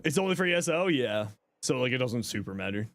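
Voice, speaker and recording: A man's voice: mid-range voice, very animated, quick pace, fairly bright tone, no echo. Chatty young male game streamer. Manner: chatty, reads chat aloud, jokey. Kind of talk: casual live game commentary.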